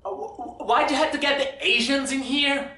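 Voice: high voice, normal speed, a little hiss or hum. A movie reviewer talking through a film with sarcastic commentary. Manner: sarcastic, animated.

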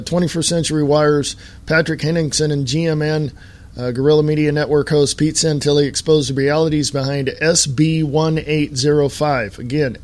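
A man hosting his own podcast in a talk-radio monologue style, hammering points home with slow, stressed words and repeats. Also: a little high. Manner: emphatic, repetitive, slowed stress on key words. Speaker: podcast host.

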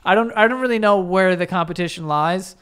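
A man's voice: high voice, fairly quick, fairly bright tone, clear, resonant tone. A man co-hosting a podcast in casual banter, dry and teasing. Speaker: podcast co-host.

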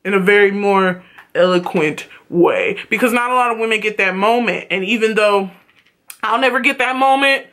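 A woman reviewing a TV episode in a casual vlog, blunt and profane, with a flat tone that can sound sarcastic. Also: medium pitch, normal speed. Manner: blunt and profane, animated retelling.

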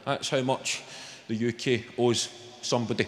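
A Glaswegian stand-up comedian with a Scottish accent swears and banters with the crowd in animated bursts, speaking in a mid-range voice at a moderate pace. He's performing in a large indoor comedy venue, where the echoey recording is full of loud audience noise and laughter.

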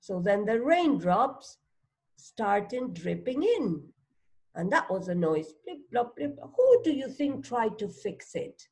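A woman reading a phonics storybook aloud as a teacher, slowly sounding out words, asking questions and praising a child. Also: mid-range voice, sing-song, a little mellow. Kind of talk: slow read-aloud lesson for a child.

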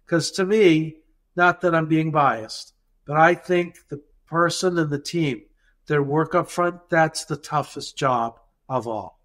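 A man's voice: fairly high pitch, slow. A man, a dental practice consultant, retelling an anecdote in a podcast interview and acting out the dialogue as he goes. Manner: animated, acts out dialogue in the retelling.

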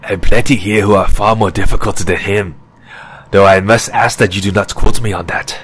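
A man's voice: lowish voice, fairly even intonation, moderate pace, slightly rough. Audiobook: fussy gossipy professor type, precise and sly, voiced by a male reader. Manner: confiding, precise and slightly sarcastic. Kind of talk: audiobook character reading.

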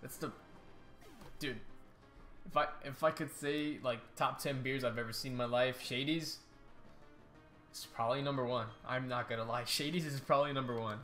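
A young man hosting a casual let's-play, excitable and rambling, often restarting his sentences. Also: mid-range voice, normal speed, long pauses, faint music behind. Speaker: YouTube gaming host.

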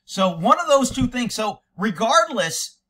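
A man's voice: very high-pitched, big pitch swings, unhurried, pushed and bright, breathy edge. A man commenting on police videos from a cop's point of view, blunt, sarcastic and profane. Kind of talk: reaction commentary.

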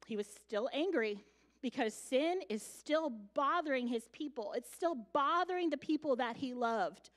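A woman's voice: high voice, animated, unhurried. A woman pastor preaching a sermon, telling the story conversationally and acting out quoted lines. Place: church sanctuary.

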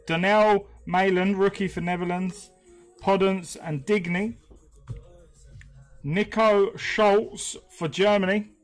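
A man's voice: high voice, low-quality recording. A British man hosting a live stream, chatting casually, reading names aloud and chuckling often. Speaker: host.

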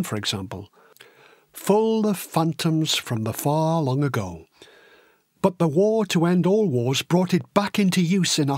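A man reading his own book aloud as a dramatic audiobook narrator. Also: on the high side. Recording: long reverb.

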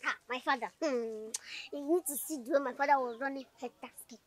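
An actor playing a playful young Nigerian man who mocks and teases loudly in a film drama. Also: very high-pitched, fairly quick. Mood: excited. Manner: loud, teasing and excitable. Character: playful young man Cheta, mocking his stepmother.

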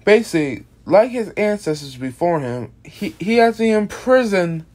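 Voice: medium pitch, big pitch swings, normal speed, a little mellow. Rambling, swearing, tired monster-character explainer. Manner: rambling, restarts often, swears casually. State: tired, yawning. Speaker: video creator presenting an original monster character. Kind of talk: casual unscripted explainer.

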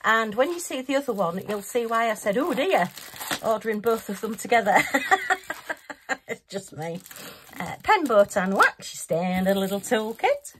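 A woman's voice: mid-range voice, animated, moderate pace, a little hiss or hum. A woman hosting a craft channel, chatting through a casual unboxing review, giggly and poking fun at herself. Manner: chatty, giggly and self-mocking.

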